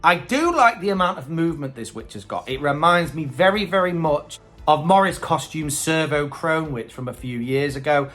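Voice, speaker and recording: A man's voice: a little high, lively intonation, moderate pace, a bit bright, faint music behind. A man hosting a casual video review, chatting with hesitant opinions. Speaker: host.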